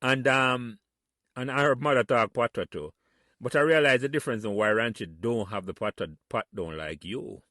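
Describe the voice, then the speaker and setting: A man's voice: mid-range voice, moderate pace, dry recording, studio quality. A man hosting a casual chat and encouraging his guest as he asks questions. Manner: relaxed, encouraging interviewer. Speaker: host.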